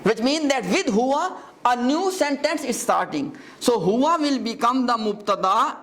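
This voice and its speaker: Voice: medium pitch, lively intonation, moderate pace, a bit bright. A grammar teacher in a live class who explains step by step, repeats key terms and often stops to ask the students whether they follow.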